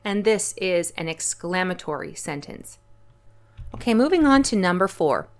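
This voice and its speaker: A woman's voice: fairly low pitch, big pitch swings, normal speed. A woman hosting her own channel, giving a patient English punctuation lesson. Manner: clear, patient explaining. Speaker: English teacher. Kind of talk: online grammar lesson.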